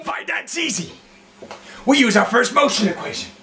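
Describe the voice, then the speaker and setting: A man's voice: very high voice, expressive, normal speed, pushed and bright, slight background noise, pitched above the performer's own voice, exaggerated voice. A man putting on a German scientist voice to explain physics problems step by step. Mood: lecturing. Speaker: physics teacher.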